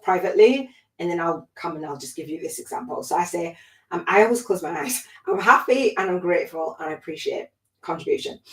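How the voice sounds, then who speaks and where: A lower-voiced woman coaching on a livestream, warm and gushing, laughing often and choking up with tears. She sounds like she's in a roomy space that gives her voice a noticeable echo. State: close to tears. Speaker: spiritual life coach and podcast host. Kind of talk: emotional motivational livestream talk.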